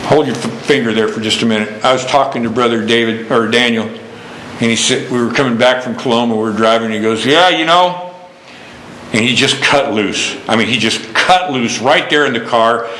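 Excited preaching man in an echoey hall. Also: medium pitch, moderate pace. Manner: storytelling, rising to excited preaching. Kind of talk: sermon.

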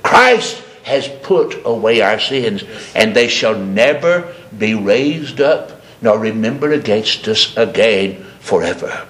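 A man preaching a sermon with passion, repeating phrases for emphasis and climbing from low murmurs to high, ringing cries. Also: expressive, takes it slowly, hardly any pauses, fairly bright tone.

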